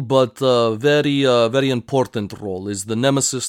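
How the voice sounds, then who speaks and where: A man's voice: mid-range voice, moderate pace, clear, resonant tone, no echo, studio quality. Rambling guy reviewing a show. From United States. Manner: rambling, loose, with swearing asides.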